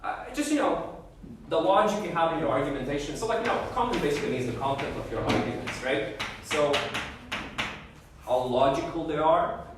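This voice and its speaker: Heard from a distance in an echoey lecture room with faint background noise, this man teaches about debate judging and keeps asking "okay?" and "right?" His voice is a little high, animated and a little fast.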